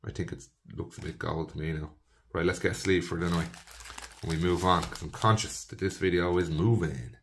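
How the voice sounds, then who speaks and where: Guy, young, low-ish voice, easygoing card-break host chatting to viewers and listing names. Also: fairly even intonation, fairly quick, slight background noise. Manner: chatty, talks to viewers as folks, rattles off player names. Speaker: trading card box breaker. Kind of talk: casual card-opening commentary.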